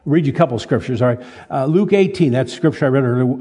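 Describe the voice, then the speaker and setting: A man in his seventies preaching a sermon in a folksy, halting way, repeating words as he tells stories. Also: mid-range voice, expressive, dark tone, husky. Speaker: pastor. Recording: long reverb of a large hall.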